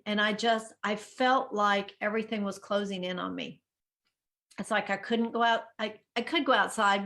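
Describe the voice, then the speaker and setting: Woman, middle-aged, mid-range voice, halting, reflective personal chat. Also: medium pitch, a bit bright. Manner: halting, reflective, stumbles over words. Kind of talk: casual personal sharing.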